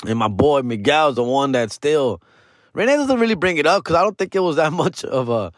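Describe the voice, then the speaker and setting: A man's voice: fairly high pitch, animated, fairly quick, dry recording, clean studio sound. A middle-aged man casually telling a story on a podcast, full of slang and Spanish words mixed into his English. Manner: slangy, mixes Spanish into English, calls listener fool and dog.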